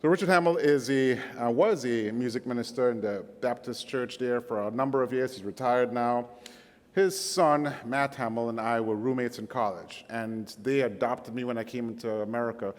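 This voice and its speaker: A man's voice: medium pitch, normal speed. A middle-aged man with a Caribbean accent, giving a casual, self-joking guest sermon full of fillers. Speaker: guest preacher. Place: church sanctuary. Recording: long hall reverb.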